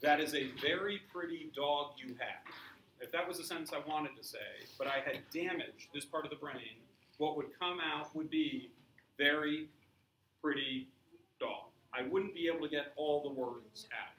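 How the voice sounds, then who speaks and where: A man's voice: a little high, normal speed, a bit bright, distant mic, slight background noise. Man teaching a class in an echoey room. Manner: asks the class questions, explains with examples. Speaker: science teacher. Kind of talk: classroom lecture.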